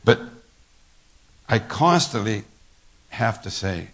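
Gravelly older man preaching folksy sermon. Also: on the low side, moderate pace. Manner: folksy storytelling with laughter and repetitions. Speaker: pastor.

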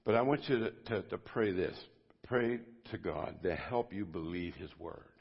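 A man, a pastor, giving an informal sermon to a men's group at a church service, talking conversationally and swinging from loud bursts to quiet asides. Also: sits low, animated, normal speed, vocal fry, breathy edge. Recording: dull lo-fi sermon audio.

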